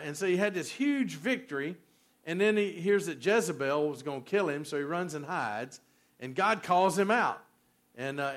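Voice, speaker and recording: A man preaching a sermon as pastor, folksy, swinging from loud emphasis to soft near-whispers. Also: sits high.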